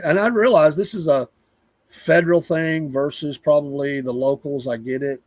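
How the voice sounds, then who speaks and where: A man's voice: fairly high pitch, moderate pace, a little mellow, no echo. A middle-aged man with a Southern US accent hosting a live show, venting in a casual, rambling monologue and repeating himself for emphasis.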